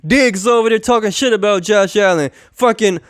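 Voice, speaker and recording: Young male YouTube sports ranter: high, smooth voice, sarcastic, profane, repeats himself, dry close sound. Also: moderate pace, dry recording. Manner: animated, profane, repeats phrases. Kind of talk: casual ranting commentary.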